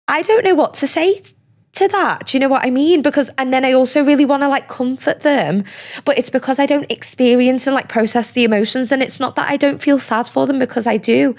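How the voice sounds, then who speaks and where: A young woman, a podcast guest talking casually and animatedly, with quick asides and lots of fillers. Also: a little high. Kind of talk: casual conversational interview.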